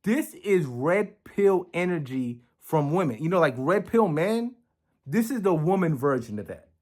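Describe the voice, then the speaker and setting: Man, slightly higher voice, blunt profane reaction commentary, acts out quotes. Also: very animated, measured pace, a little mellow. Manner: acts out other people's lines in quoted voices.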